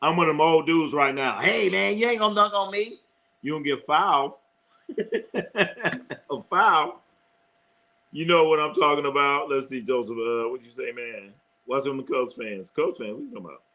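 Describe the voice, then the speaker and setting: Speaking at normal speed with frequent pauses, this middle-aged man has a medium-pitched voice that sounds pushed and bright. He hosts a live sports stream, rambling, cursing, repeating himself and laughing while reading chat.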